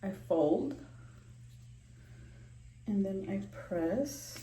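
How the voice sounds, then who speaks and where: A woman's voice: mid-range voice, animated, very slow, warm tone, roomy sound, a little hiss or hum, rough recording. A young woman doing a casual skincare vlog, rambling with lots of ums and likes, a bit out of breath, recorded in her small bathroom. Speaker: beauty vlogger.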